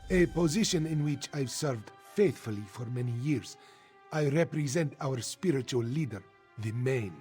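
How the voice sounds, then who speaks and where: An actor voicing a dignified, courteous male feline leader and military commander in a video game, with a husky voice. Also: mid-range voice, expressive, normal speed, a little mellow, soft background music, lightly acted. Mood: formal. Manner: formal, courteous.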